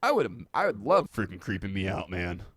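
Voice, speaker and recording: A man's voice: on the low side, sing-song, normal speed, a bit bright, dry recording, studio quality. Rambling, jokey male stream host. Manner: rambling, jokey, self-mocking. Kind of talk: casual live-stream monologue. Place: dark home studio.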